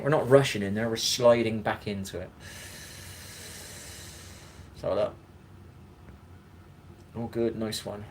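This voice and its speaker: A man's voice: fairly low pitch, moderate pace. Guy rambling on a live stream, swears a lot, bit of background hiss. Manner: rambling, chatty, swears casually, greets viewers by name. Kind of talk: casual live-stream chat.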